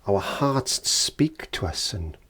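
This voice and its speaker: A man teaching a painting lesson, gentle and encouraging, sometimes dropping into whispered asides, indoors in a studio. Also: fairly low pitch, big pitch swings, slow pace, husky. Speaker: art teacher. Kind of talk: painting tutorial.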